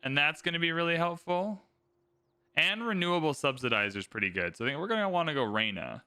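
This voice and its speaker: Upbeat man streaming, very bright voice. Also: fairly high pitch, animated, quick pace, clear, resonant tone. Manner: upbeat, thinks aloud, chats to viewers. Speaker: streamer playing a strategy game. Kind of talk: casual livestream gameplay commentary.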